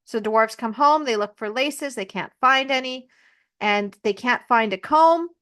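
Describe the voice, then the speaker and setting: A woman hosting a podcast, retelling a fairy tale in a chatty, animated way with personal asides. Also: a little high, unhurried, smooth. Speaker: podcast host. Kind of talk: casual storytelling.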